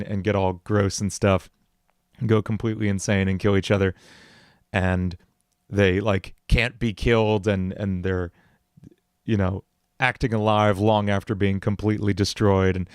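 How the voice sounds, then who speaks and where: A man's voice: lowish voice, clear, resonant tone, no room sound, studio quality. Rambling man hosting a music livestream. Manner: rambling, filler-heavy, laughs easily. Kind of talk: casual livestream chat.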